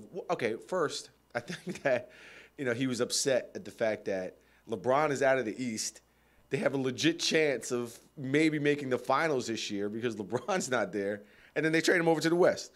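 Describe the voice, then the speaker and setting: Guy co-hosting a sports talk show, rambly, keeps laughing, medium pitch. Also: lively intonation, brisk. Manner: laughs often, rambling with fillers. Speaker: radio show co-host.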